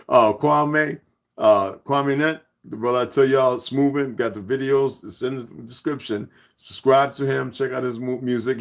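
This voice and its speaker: A man hosting his own channel, talking loosely and rambling to his viewers as "y'all". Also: mid-range voice. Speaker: channel host. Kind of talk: casual vlog talk to viewers.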